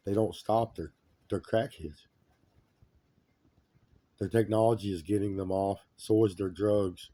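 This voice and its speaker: Man with a very dark, mellow voice. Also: on the low side, fairly even intonation, unhurried, long pauses. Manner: agitated, repetitive, emphatic complaints. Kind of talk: rambling monologue to camera.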